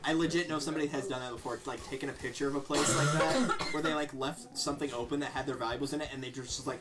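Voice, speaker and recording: A man's voice: mid-range voice, racing, hardly any pauses. A man hosting a livestream, chatting casually and laughing often while playing a party game. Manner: laughs often, animated, jokey. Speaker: livestream host. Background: game music.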